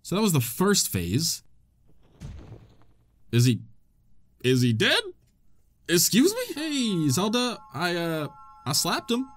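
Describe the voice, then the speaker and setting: A man's voice: sits high, very animated, takes it slowly, long pauses. A young man hosting a let's-play, commentating casually and joking back at the game's characters. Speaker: gaming channel host.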